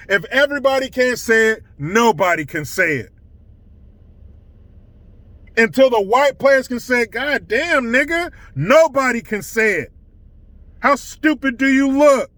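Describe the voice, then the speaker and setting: A man's voice: extremely high pitch, pushed and bright, no echo. A man hosting his own commentary channel, ranting bluntly and scornfully with plenty of profanity. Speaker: political commentary channel host.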